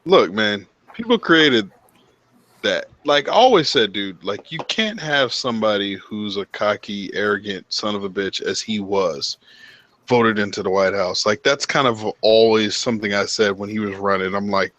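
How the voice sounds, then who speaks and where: A man talking casually in a group chat, animated and full of swearing, calling everyone dude. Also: on the low side, normal speed, muffled recording. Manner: animated, heavy swearing, says dude a lot. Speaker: podcast host.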